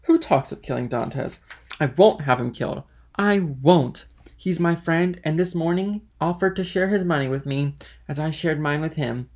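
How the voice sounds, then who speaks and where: Male reader as a loud, sloppy drunk, higher and pushier than the narration, storybook reading. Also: moderate pace. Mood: drunken protest. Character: drunken man protesting loyalty to a friend.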